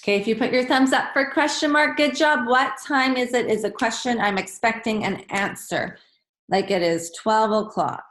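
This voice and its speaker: A woman's voice: on the high side, moderate pace, fairly bright tone. A woman teaching young children a lesson, patient and encouraging. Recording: echoey room.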